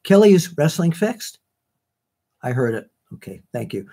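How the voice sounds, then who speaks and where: A man's voice: on the high side, big pitch swings, normal speed, warm tone. A man hosting a live online show, chatting casually and reading out viewer comments in a rambling way, with many fillers and self-corrections.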